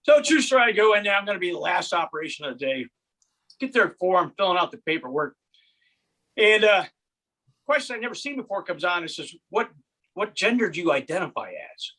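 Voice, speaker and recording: A man's voice: high voice, big pitch swings, fairly quick, sharp tone. A man doing a stand-up comedy set from home, telling true stories and putting on voices for the people in them. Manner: storytelling with acted voices and bursts of laughter.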